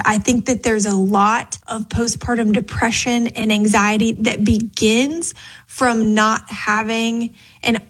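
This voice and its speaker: A woman's voice: fairly high pitch, husky, rough recording. A woman nurse answering interview questions in a thoughtful, explanatory way. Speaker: nurse guest.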